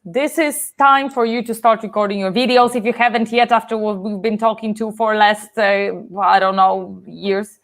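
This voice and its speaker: A woman's voice: mid-range voice, steady tone, moderate pace, hardly any pauses. A young woman from Poland with a Polish accent, co-hosting a casual live stream, chatty and laughing often.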